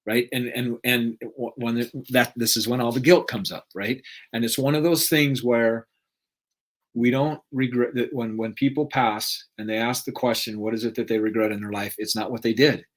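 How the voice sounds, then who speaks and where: A man's voice: medium pitch, fairly even intonation, moderate pace. A middle-aged man giving an unscripted motivational talk, earnest, repeating questions for emphasis and often asking "right?". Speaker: motivational speaker.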